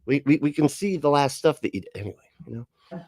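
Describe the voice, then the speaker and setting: A man's voice: fairly high pitch, lively intonation, quick pace, darkish tone, breathy edge, no echo. A man giving mocking reaction commentary on a live stream, sarcastic and laughing, often swearing.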